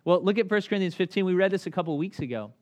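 Male pastor in his thirties, casual sermon delivery, lively pitch swings, slightly high voice. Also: very fast. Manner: conversational, animated with acted asides.

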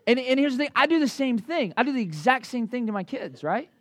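A man in his thirties preaching a sermon in a casual, lively way, full of fillers and asides. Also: extremely high pitch, fast talker, dry recording. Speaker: pastor.

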